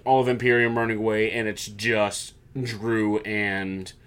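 A man co-hosting a casual chat show, recapping events in a rambling, animated way with many fillers and restarts. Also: fairly low pitch, measured pace, clear, resonant tone. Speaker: podcast co-host.

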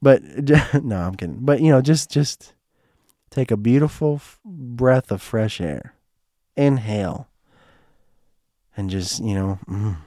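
A man with a low, hoarse voice tells a personal story straight to his listeners. He rambles and circles back, mixing earnest feeling with quick jokes. The recording is dry and close, with no room sound. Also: dark tone, dry recording. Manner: rambling, restarts often, heartfelt and joking. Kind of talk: casual personal storytelling monologue.

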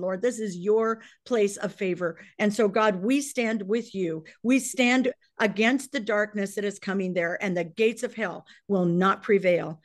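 A woman's voice: medium pitch, measured pace, few pauses. A middle-aged woman leading an earnest spoken prayer, fervent and emotional, choked up and near tears as she reads scripture and lyrics with rising force. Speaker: prayer leader on a briefing call.

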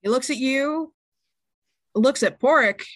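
A woman game master narrating a tabletop game in a relaxed, descriptive, chatty way. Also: sits high, slow, dry recording.

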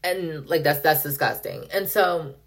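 Low-voiced woman ranting on a podcast. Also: measured pace, creaky, husky. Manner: heated, profane, heavy use of "like". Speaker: podcast host.

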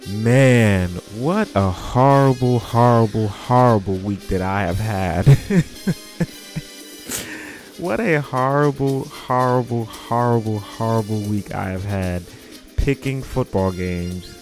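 A man's voice: lowish voice, takes it slowly, a little mellow, soft background music. A man hosting a casual podcast, who repeats words for emphasis. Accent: New York. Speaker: podcast host.

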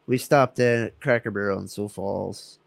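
A man's voice: lowish voice, unhurried, gravelly, dry recording. A young man on a podcast, telling a road trip story in casual chat, swearing and laughing as he acts out the people in it. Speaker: podcast co-host.

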